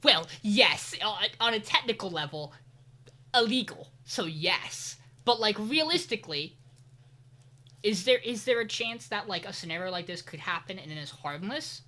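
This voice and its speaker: A woman co-hosting a casual anime podcast, weighing her points out loud with a wry, measured manner. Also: medium pitch, lively intonation. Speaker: podcast co-host. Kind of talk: casual anime review chat.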